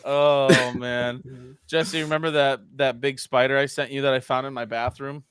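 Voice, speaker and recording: A man's voice: mid-range voice, flat delivery, moderate pace, a bit bright, smooth, dry recording. A man hosting a live stream in casual chat, upbeat and giggly while teasing guests.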